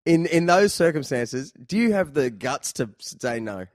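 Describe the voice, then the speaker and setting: A man hosting a podcast, telling stories in an animated, casual way. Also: fairly high pitch, unhurried, no echo, studio quality. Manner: animated storyteller. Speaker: podcast host. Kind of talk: casual chat.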